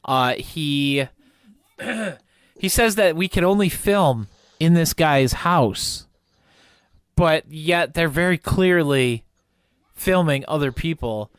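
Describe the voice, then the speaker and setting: A male podcast co-host chatting casually, relaxed and quick to laugh. His voice is smooth and resonant, sitting slightly high for a man. The sound is dry and close, with no room echo. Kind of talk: casual chat.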